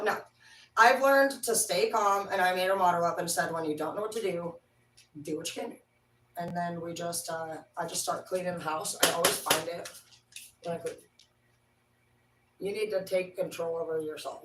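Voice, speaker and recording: A woman's voice: lowish voice, fairly bright tone, recorded from a distance, a little hiss or hum. A woman livestreaming a casual, rambling monologue, preachy and full of swearing. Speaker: livestream host. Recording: roomy, from the mic.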